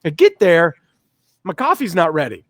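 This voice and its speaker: A man talking casually and with high energy, acting out other people in his anecdotes. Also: dry recording. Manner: energetic, fast-talking, acts out voices in anecdotes. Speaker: guest. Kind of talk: casual storytelling in a talk.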